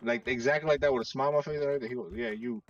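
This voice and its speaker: A man telling a story in casual chat, animated and acting out the quoted lines. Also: medium pitch, racing, recorded from a distance, highs cut off. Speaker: storyteller among friends.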